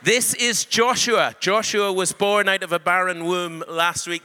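A man preaching a sermon, telling an animated story and joking with his congregation. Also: high voice, a little slow, clean tone. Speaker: pastor. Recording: echoey hall reverb.

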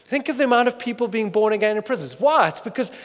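A man preaching a sermon with passion, swinging between loud outcries and hushed asides. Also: high voice, expressive, quick pace, big-room sound. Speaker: pastor.

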